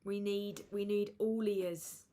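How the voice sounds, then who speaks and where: Slow, halting woman streamer. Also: mid-range voice, little pitch movement, warm tone. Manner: rambling, halting, with many fillers. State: tired and low. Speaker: livestream host. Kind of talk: casual live chat with viewers.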